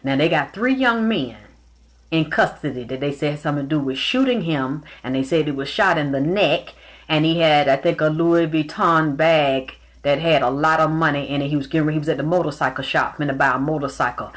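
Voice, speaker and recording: A woman's voice: low voice, a little fast. Blunt, profane woman spiritual reader. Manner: blunt, profane, animated storytelling. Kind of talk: casual monologue.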